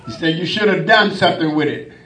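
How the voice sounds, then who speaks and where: A man preaching a sermon, working in a refrain of "glory to God" between phrases and rising to shouts. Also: a little high, lively intonation, fast talker. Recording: echoey room, mic at a distance.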